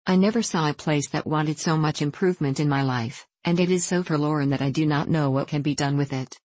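A woman reading an audiobook voices an earnest, dull young gentleman who repeats himself. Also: low voice, fairly quick, no room sound. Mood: eager. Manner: earnest and repetitive. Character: dull, eager young gentleman, easily impressed.

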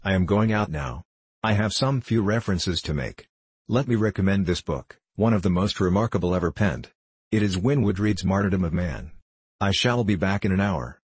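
A man reading the part of a cool, reasoning detective, with a precise, measured, detached delivery. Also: low voice, lively intonation, a little mellow, slightly rough, dry recording. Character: cool, reasoning male detective, middle-aged.

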